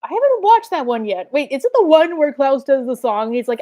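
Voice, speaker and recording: A woman's voice: sits high, sing-song, dark tone. Chatty young woman, rambling fan Q&A. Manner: rambling, filler-heavy, quick quoted asides. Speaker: streamer answering fan questions. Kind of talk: casual live Q&A chat.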